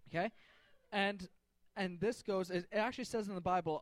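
A man's voice: high voice, fairly quick, no echo. A man in a casual, jokey storytelling sermon, talking to a group with slang and fillers.

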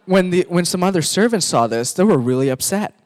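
A man's voice: sits high, animated, a little fast. A man from Pakistan, a pastor, animatedly narrating a sermon skit and directing volunteer actors.

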